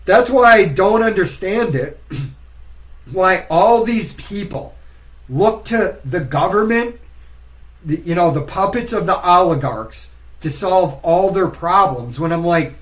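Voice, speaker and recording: A man's voice: high-pitched, animated, slow pace, fairly bright tone, rough recording. A man on a casual podcast, talking in a blunt, profane, ranting way.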